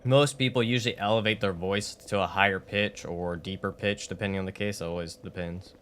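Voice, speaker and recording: Guy streaming a game, kinda low voice, rambles w lots of likes, faint hiss behind. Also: fairly even intonation, fairly quick, a bit bright. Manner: rambling, many fillers and restarts. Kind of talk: casual chat while gaming.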